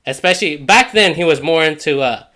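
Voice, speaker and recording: A man's voice: fairly high pitch, animated, a little fast, sharp tone. A young man co-hosting a podcast, telling a casual story in a laid-back, slangy way and laughing often. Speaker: podcast co-host.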